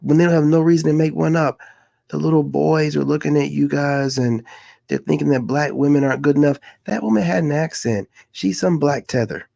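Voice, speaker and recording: A man talks through a casual reaction commentary in a loose, slangy way. His voice is gravelly. The sound is dry and close. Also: a little high, brisk, dark tone, no room sound. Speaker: commentary channel host.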